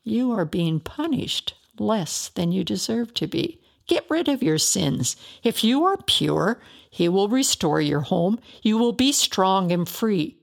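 A woman reading a harsh, scolding friend in a storybook, slow and condemning. A gravelly fry edges the voice. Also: mid-range voice, sing-song, full character voice.

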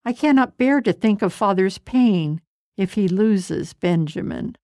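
A woman's voice: mid-range voice, lively intonation, unhurried, mellow, dry recording, studio quality. A woman reading as Judah, a pleading grown man. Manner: earnest, pleading.

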